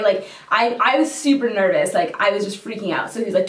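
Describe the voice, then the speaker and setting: A woman's voice: mid-range voice, quick pace. A woman telling a story to camera in a casual vlog, swearing freely, laughing often and retelling things dramatically. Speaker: makeup vlogger. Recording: roomy echo, mic at a distance.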